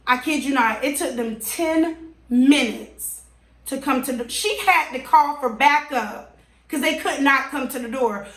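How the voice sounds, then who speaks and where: A high-voiced woman vlogger recounts a story with exasperated, animated emphasis, taking her time over the words. Her voice rings in a roomy, echoing space. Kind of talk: storytime vlog. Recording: roomy echo.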